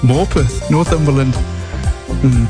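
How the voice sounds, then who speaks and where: A man's voice: medium pitch, slow, over music. A man hosting a radio quiz, joking with a guest in a playful, mock-formal way. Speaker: radio host. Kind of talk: comic radio quiz banter.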